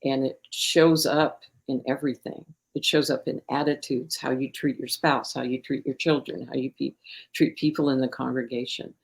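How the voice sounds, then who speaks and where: A woman's voice: rumbling low, fairly even intonation, moderate pace, vocal fry. A woman guest teacher in a casual faith discussion, earnest and emphatic as she explains.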